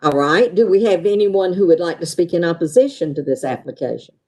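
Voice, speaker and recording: A woman chairing a planning meeting, speaking in slow, procedural turns. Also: on the low side, a little mellow, low-quality recording.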